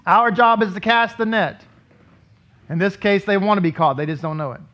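High, bright-voiced man preaching. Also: normal speed, a little hiss or hum. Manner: conversational, asks the congregation questions. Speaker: rabbi. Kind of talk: sermon. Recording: dull lo-fi recording.

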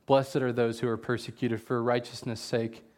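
A man preaching a casual sermon as a pastor, telling jokey stories with loud animated bursts and reading scripture slowly aloud. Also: medium pitch.

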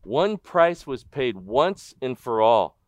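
A man preaching a sermon as pastor, animated in his storytelling and asking the congregation direct questions. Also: medium pitch, slow pace, no echo. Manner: animated storytelling, acting out the crowd's disbelief.

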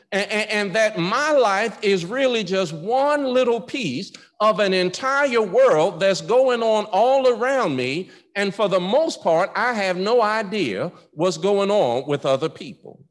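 A man's voice: high voice, long reverb tail. A male preacher giving a sermon in a conversational, emphatic manner, often repeating words as he starts a phrase.

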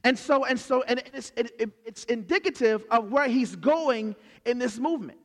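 High-voiced preacher guy telling the story casual style, doing the characters' lines, long echo like a big church. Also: normal speed. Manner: animated storytelling, acts out the characters. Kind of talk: sermon. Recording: long hall reverb.

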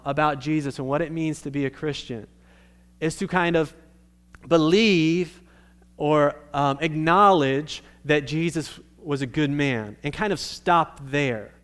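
A man's voice: fairly high pitch, smooth. A male pastor preaching a sermon in a conversational way, checking in with his listeners and restarting his phrases.

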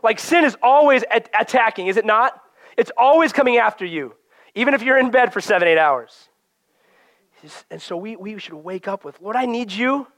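A man's voice: high voice, animated, moderate pace, a bit bright, no echo. A man preaching a sermon in an earnest, conversational way, often acting out quoted voices and prayers.

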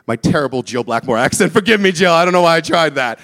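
High-voiced animated young preacher man. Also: racing, few pauses. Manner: casual and animated, with slang asides. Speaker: pastor. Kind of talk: sermon.

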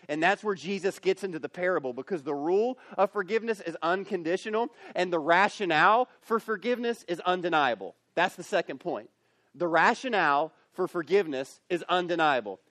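A man preaching a youth camp sermon, storytelling and acting out characters in an animated way. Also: sits high, dry recording. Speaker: youth pastor. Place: camp meeting space.

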